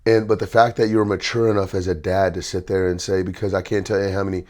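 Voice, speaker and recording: A man's voice: deep voice, little pitch movement, fast, darkish tone. A man hosting a podcast and working as a basketball trainer, enthusiastic, telling personal stories. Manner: enthusiastic, storytelling. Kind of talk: podcast conversation.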